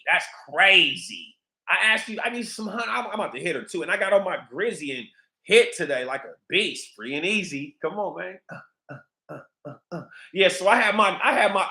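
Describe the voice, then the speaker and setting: Man, vlog host, casual profane rambling monologue, high bright voice. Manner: profane, rambling, animated storytelling. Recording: echoey room.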